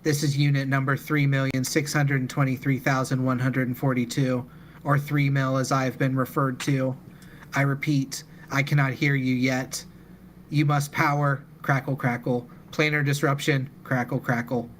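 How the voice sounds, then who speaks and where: A man's voice: mid-range voice, normal speed, close to an everyday voice. A man voicing a faint, crackling robot librarian. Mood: stiff. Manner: flat, repetitive machine announcements.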